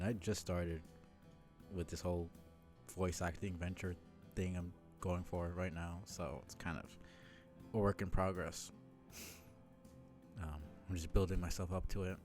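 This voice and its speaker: A man's voice: deep voice, steady tone, a little slow, pauses often, a little mellow, soft background music. A man streaming a game live, chatting in a rambling, self-deprecating way with lots of fillers.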